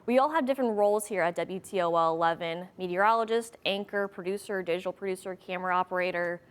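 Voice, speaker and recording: A woman's voice: fairly low pitch, fast, clear, resonant tone. A woman hosting a casual chat show with her weather colleagues. She sounds upbeat, laughs often and keeps the conversation moving. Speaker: host, TV weather team member.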